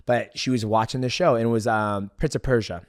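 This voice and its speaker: Animated, cussing male podcast host. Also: mid-range voice, fairly quick, dry recording, clean studio sound. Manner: animated, swears freely, acts out voices in stories. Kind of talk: casual storytelling chat.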